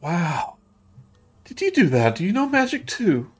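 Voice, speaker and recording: A man's voice: mid-range voice, lively intonation, measured pace. A man voicing a lonely little ghost girl who is earnest, a little wistful, and eager to show what she knows. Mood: curious.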